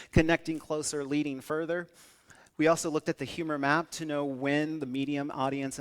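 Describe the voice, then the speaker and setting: Young guy from the northern us doing a funny conference keynote, kinda high voice, jokey and bouncy, gets loud on the punchlines. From northern United States. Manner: playful, energetic, jokey delivery with big swings in loudness. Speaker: conference speaker. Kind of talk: humorous keynote talk.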